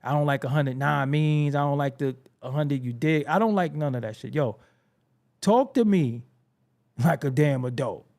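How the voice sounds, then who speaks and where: A man's voice: fairly high pitch, moderate pace, vocal fry, a little mellow. A man from Brooklyn with a Brooklyn accent, hosting a casual commentary monologue in a blunt, preachy way, swearing freely. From Brooklyn, New York. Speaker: show host.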